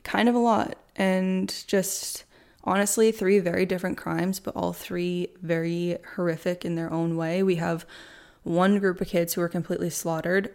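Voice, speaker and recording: A woman's voice: fairly low pitch, a little mellow. A young woman hosting a true crime podcast, reading updates and then chatting candidly and loosely. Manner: candid, chatty, swears casually. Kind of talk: casual podcast narration.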